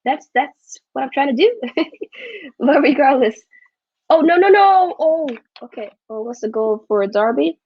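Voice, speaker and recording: A woman's voice: sits high, animated, measured pace, no room sound, lo-fi sound. Chatty woman hosting a football watchalong. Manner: chatty, rambling with self-corrections. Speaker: football vlogger host. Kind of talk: casual live watchalong chat.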